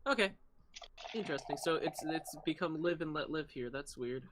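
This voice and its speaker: A man's voice: fairly high pitch, normal speed, noisy background. A man playing in a tabletop game, casually asking the game master curious questions. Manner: curious, asks many questions. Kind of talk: casual chat.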